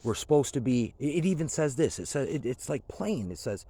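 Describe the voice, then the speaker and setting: A man's voice: medium pitch, big pitch swings, a little fast, warm tone, no echo. A man vlogging outdoors in the woods, rambling casually and swearing often, with many fillers. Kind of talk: casual outdoor vlog monologue.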